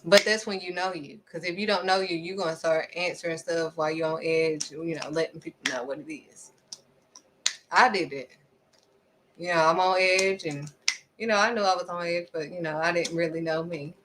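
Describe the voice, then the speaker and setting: A woman giving a casual, faith-driven motivational talk, acting out quick back-and-forth exchanges and repeating pointed questions at the listener. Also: lowish voice, noisy background. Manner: animated, acts out little back-and-forth exchanges. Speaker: faith vlogger.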